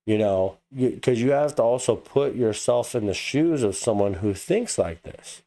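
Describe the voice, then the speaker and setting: A man from the United States talks in a loose, rambling way, doubling back on his words as he comments on a clip. His voice sits low and sounds mellow and dark. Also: unhurried. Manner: rambling, repeats words and restarts often. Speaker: reaction video host. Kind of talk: casual commentary.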